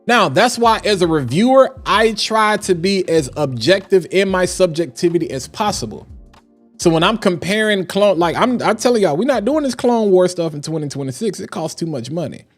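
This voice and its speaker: Brief: high-pitched male fragrance reviewer, energetic slangy live-stream talk, faint music behind. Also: normal speed. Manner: animated and emphatic, slangy. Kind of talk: casual live-stream chat.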